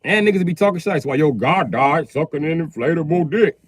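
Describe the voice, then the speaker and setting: Animated profane male comedian, AAVE. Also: on the high side, fairly quick, breathy edge. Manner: profane, animated, acts out characters with shouted voices. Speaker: comedian livestreaming. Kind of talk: comedic rant.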